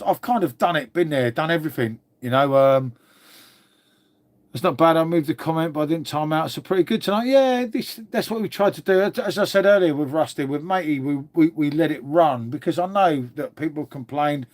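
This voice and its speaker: A man's voice: on the high side, moderate pace, darkish tone. Chatty middle-aged man, rambling and slangy. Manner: rambling, chatty, swears freely, calls everyone mate. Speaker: live stream host. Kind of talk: casual live stream chat.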